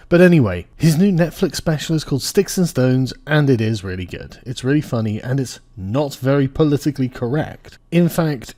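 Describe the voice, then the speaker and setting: Male vlogger, medium pitch, crude, mocking, chuckling commentary delivery. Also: a little mellow. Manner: profane, sarcastic, laughs often. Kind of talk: casual political commentary reacting to clips and articles.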